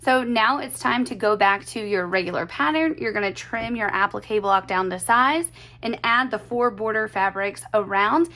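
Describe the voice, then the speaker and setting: A woman's voice: medium pitch, lively intonation, normal speed, bright, forceful tone. A woman giving a chatty, upbeat sewing tutorial, calling every stitched piece cute as she walks through each step. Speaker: sewing instructor. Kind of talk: tutorial narration.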